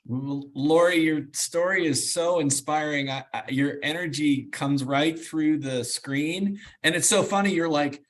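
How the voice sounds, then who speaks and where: A man's voice: on the high side, unhurried, few pauses. A man hosting an online business presentation, talking in a rambling, filler-heavy, friendly way. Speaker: host. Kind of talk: casual business webinar hosting. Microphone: video call.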